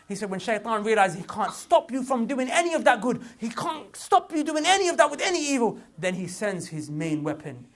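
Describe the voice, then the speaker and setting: A man giving a lively religious lecture to a young audience, repeating his points for emphasis and slipping into street slang. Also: very high-pitched, a little fast, few pauses. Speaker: Islamic preacher.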